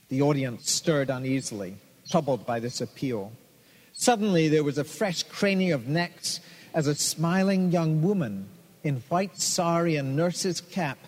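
A man narrates a story with a steady, expressive delivery. His voice sits fairly high for a man. A long, hall-like reverb hangs behind every line. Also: measured pace.

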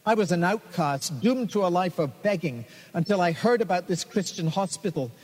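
A man's voice: high-pitched, expressive, normal speed, a little mellow. A man voicing a grateful working man who speaks fervently and from the heart. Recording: long hall reverb.

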